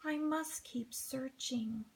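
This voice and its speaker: A woman's voice: high-pitched, sing-song, slow, fairly bright tone, exaggerated voice. A woman voicing a lost little girl penguin chick who asks politely and plaintively for help.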